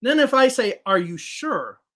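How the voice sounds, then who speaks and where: A man's voice: very high-pitched, very animated, a little slow, pushed and bright. A man who is a native English speaker and works as an English teacher, patiently explaining grammar with spoken examples in a podcast conversation.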